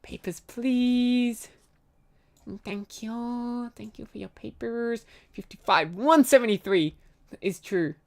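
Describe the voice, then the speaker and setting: A woman's voice: fairly high pitch, a little slow, vocal fry. A young woman streaming a game, chatting with her viewers and giggling often. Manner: giggly, talks to chat. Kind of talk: live gameplay commentary. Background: soft background music.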